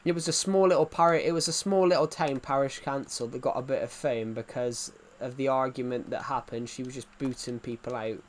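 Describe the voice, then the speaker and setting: A man's voice: medium pitch, fairly even intonation, brisk, hardly any pauses, a little hiss or hum. A young man chatting casually while livestreaming a game, rambling and poking fun at himself. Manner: rambling, self-mocking, easily sidetracked. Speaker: gaming livestreamer.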